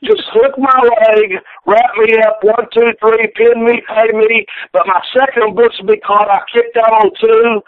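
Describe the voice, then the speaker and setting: A man's voice: high-pitched, steady tone, a little slow, hardly any pauses, no room sound. A man with a Southern US accent, a wrestler calling in from his living room, rambling and swearing as he jokes. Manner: profane, rambling, joking. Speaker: guest wrestler. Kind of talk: phone-in interview. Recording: phone line.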